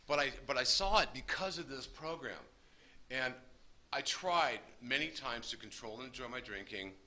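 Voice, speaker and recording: A man's voice: medium pitch, moderate pace, sharp tone. A man speaking earnestly to a recovery meeting, sharing his story in an emphatic, folksy way. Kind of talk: personal recovery talk to a group.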